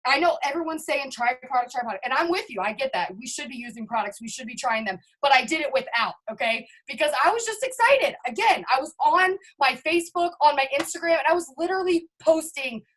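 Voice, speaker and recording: A woman's voice: high voice, animated, a little fast, few pauses, a bit bright, low-quality recording. A woman who leads a network marketing team gives a hyped, emphatic pep talk over a video call, talking straight to her listeners.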